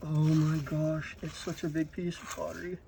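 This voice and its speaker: A man vlogging while he crawls through a cramped desert rock cave, straining and exclaiming in excitement. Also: fairly high pitch, moderate pace, gravelly, slight background noise. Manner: excitable, keeps exclaiming in wonder. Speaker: hiking vlogger. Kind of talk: casual handheld narration while exploring. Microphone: handheld camera he films with.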